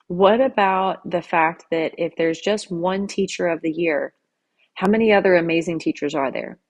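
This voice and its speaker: A middle-aged woman talks through her solo podcast in a relaxed, chatty way, tossing in "right?" and "okay?" as she goes. Her voice sits a little low for a woman. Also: normal speed, vocal fry. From Louisville, Kentucky. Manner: conversational, keeps asking "right?" and "okay?". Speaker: podcast host. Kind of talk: casual solo podcast talk.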